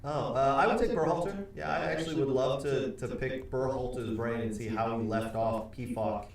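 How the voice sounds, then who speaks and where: A man's voice: mid-range voice, moderate pace, heavy reverb, far from the mic. A man hosting a casual soccer talk show, telling stories in a chatty way. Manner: chatty storyteller, swears casually. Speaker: podcast host. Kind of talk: casual sports chat.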